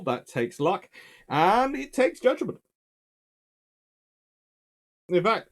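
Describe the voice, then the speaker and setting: Brief: history lecturer, man, lively swooping delivery, conversational and emphatic. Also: high voice. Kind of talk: casual spoken history lecture.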